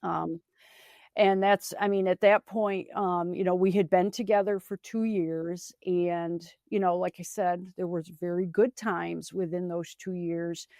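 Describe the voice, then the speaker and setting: A woman's voice: fairly low pitch, flat delivery, unhurried, a little mellow, dry recording, studio quality. A young adult woman, a podcast guest, telling her own story in a reflective way with many fillers. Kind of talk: personal storytelling in an interview.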